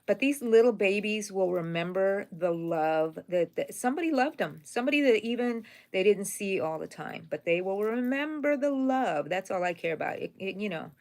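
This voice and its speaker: A middle-aged woman with a drawl chats through a crochet live stream. Her talk is rambling and homey, and she greets her viewers one by one. Her pitch sits in the middle for a woman, and she turns soft and sentimental easily. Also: lively intonation, moderate pace, few pauses. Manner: tender and sentimental. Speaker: crochet channel host. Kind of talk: casual live-stream chat while crocheting.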